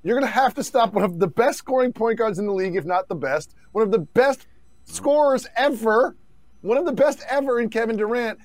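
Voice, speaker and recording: A man co-hosting a casual basketball talk show, animated and quick to laugh. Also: no room sound. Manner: animated, laughs often, mock-high asides. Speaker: sports podcast co-host. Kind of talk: casual sports debate.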